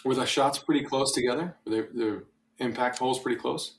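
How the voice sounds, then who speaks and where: A man's voice: medium pitch, brisk. A man hosting a podcast, reacting briefly and asking follow-up questions in a casual interview. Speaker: podcast host.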